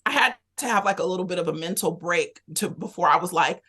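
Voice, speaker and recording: A woman, a podcast guest, telling a personal story in a candid, animated way, acting out her own thoughts as she goes. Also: on the low side, fast talker, husky. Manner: animated, candid, lively retelling with quoted inner thoughts. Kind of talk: casual conversational storytelling.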